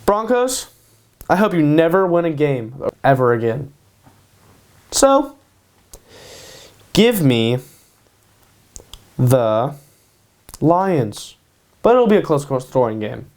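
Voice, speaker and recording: A man's voice: fairly high pitch, very animated, slow pace, pauses often, darkish tone. A man hosting his own show, giving casual sports predictions in a hyped way, repeating his picks and tacking "baby" onto them. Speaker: host. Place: home in Kansas.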